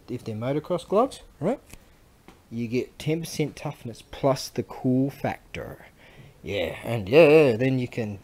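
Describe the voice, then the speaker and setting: A man's voice: medium pitch, a little mellow, slightly rough. A man rambling casually to the camera while working with tools, crude and joking, with mumbled asides. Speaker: vlogger selling Japanese goods.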